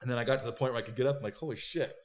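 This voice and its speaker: A man telling stories as a podcast guest, animated and profane, acting out what others said in bursts. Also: medium pitch, racing. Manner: animated, profane, acts out quoted voices. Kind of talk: casual interview storytelling.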